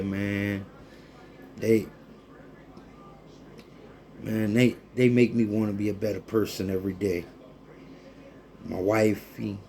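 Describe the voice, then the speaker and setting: A man, talking casually and warmly to viewers in a rambling cooking vlog from his home kitchen. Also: lowish voice, gravelly, a little hiss or hum. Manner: heartfelt, rambling, addresses viewers as folks. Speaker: cooking vlogger.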